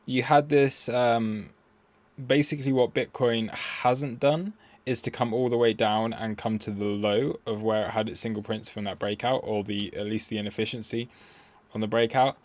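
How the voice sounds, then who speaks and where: A man's voice: on the low side, fairly even intonation, normal speed. A man hosting a casual live stream about crypto trading, rambling and self-mocking as he reads the chat aloud.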